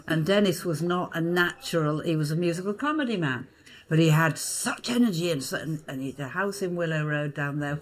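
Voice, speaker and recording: An older woman from Hull, an actress, recounts her stage years as a guest. Her telling is vivid and theatrical, and she keeps dropping into character voices. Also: low-pitched. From Hull, England. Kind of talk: anecdotal interview storytelling.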